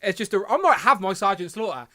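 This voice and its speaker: A man's voice: high-pitched, lively intonation, fast talker, pushed and bright. A man hosting a casual livestream, rambling and correcting himself as he reads the chat aloud. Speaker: podcast host.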